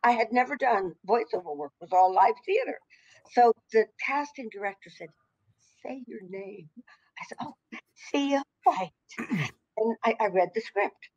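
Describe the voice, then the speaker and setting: Chatty woman in her eighties, husky voice. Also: on the high side, lively intonation, normal speed, highs cut off. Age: 80s. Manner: chatty, warm storytelling. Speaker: voice actress, interview guest. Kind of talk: anecdotal casual chat.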